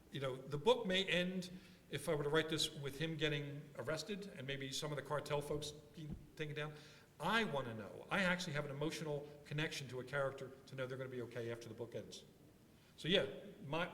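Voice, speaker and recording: Man in his own workshop talk, lively and forceful, thinks out loud, long conference hall reverb. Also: fairly high pitch, a little hiss or hum. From Philadelphia, USA. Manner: animated, thinking aloud with restarts. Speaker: workshop speaker.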